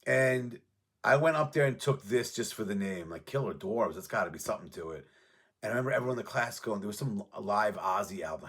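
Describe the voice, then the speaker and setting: Guy chatting loose and sweary, kinda low voice, just reminiscing. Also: lively intonation, brisk, fairly bright tone, husky. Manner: profane, offhand, reminiscing. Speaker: music show host. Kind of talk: casual rambling storytelling.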